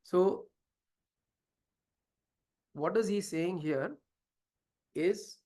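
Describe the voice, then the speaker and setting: The mellow mid-range voice draws out its words as a spiritual teacher explains scripture through storytelling. Rhetorical questions come often, and hesitations show in fillers and restarts.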